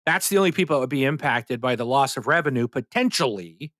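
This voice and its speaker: A man's voice: medium pitch, lively intonation, fast, a bit bright, dry recording, clean studio sound. A man co-hosting a gaming podcast, ranting in a heated, indignant way during a casual chat. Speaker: podcast co-host.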